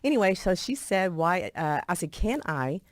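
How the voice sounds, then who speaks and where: A woman's voice: lowish voice, big pitch swings, normal speed, no echo, clean studio sound. A woman, a real estate agent telling stories in a chatty way, with frequent fillers. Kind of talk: casual interview talk.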